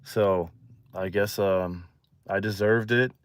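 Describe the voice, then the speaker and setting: A man's voice: slow, dry recording. A man hosting his own show, casually telling a personal story and acting out the dialogue in it. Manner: animated, acts out quoted dialogue with rising pitch. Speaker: show host.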